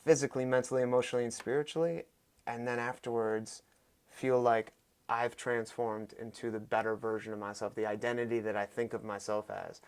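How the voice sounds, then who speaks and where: Young man, coach, casual storytelling, animated, voice leaps up when excited, mid pitch. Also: fairly quick, smooth. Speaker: podcast guest, fitness coach.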